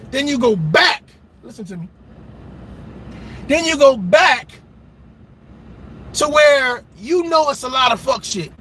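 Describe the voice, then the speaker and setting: A man hosting a reaction channel delivers an impassioned, profane, preachy rant. His voice is extremely high-pitched, pushed and bright, with slight background noise behind it.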